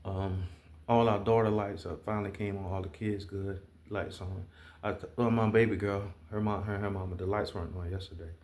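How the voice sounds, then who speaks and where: A man telling stories in a casual monologue, profane and animated, imitating the sounds he describes. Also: low-pitched, brisk. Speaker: vlogger.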